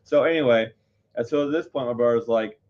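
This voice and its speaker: A man's voice: medium pitch, fairly quick. Male live-show host, heated and profane storyteller, rambling delivery, muffled lo-fi audio. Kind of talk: casual storytelling to viewers. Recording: dull lo-fi audio.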